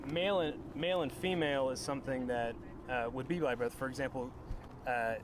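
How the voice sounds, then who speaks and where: A man hesitantly argues his point in a street debate, pausing and apologizing. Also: medium pitch, fairly even intonation, background noise.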